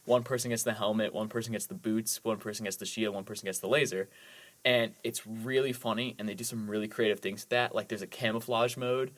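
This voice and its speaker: Man, slightly low voice, excited rambling movie talk, casual podcast chat. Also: brisk. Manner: enthusiastic, rambling with many "like"s. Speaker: podcast co-host.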